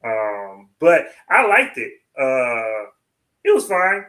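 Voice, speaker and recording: A man chatting casually about a TV episode, relaxed and conversational, acting out his own reactions. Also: mid-range voice, takes it slowly. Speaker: TV recap podcast co-host. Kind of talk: casual chat.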